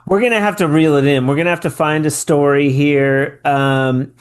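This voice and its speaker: A man's voice: on the high side, fairly even intonation, moderate pace, clean tone. A man hosting a casual interview podcast, upbeat and playful in tone. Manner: upbeat, playful, laughs often. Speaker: podcast host.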